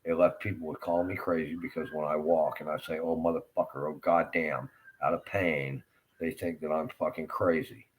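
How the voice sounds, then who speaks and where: A man's voice: rumbling low, steady tone, normal speed. A middle-aged man in pain, ranting angrily and profanely in a rambling monologue.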